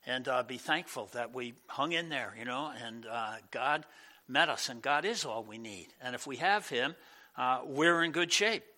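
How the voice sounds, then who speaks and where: A male pastor giving a conversational sermon in a church, animated and full of asides. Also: medium pitch, moderate pace.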